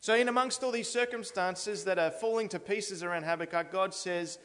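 A man's voice: high-pitched, normal speed, few pauses, a bit bright. A man preaching an expository sermon in a church, speaking earnestly and building to emphatic declarations. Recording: long reverb of a large hall.

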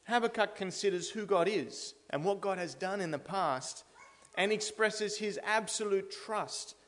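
A man's voice: high-pitched, unhurried, fairly bright tone. A man preaching an expository sermon in a church, speaking earnestly and building to emphatic declarations. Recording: long reverb of a large hall.

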